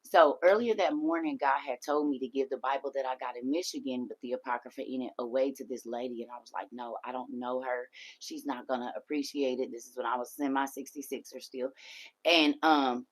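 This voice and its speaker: A woman hosting a livestream, telling a personal story in a casual, animated way and talking straight to her viewers. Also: a bass voice, fairly quick. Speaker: livestream host.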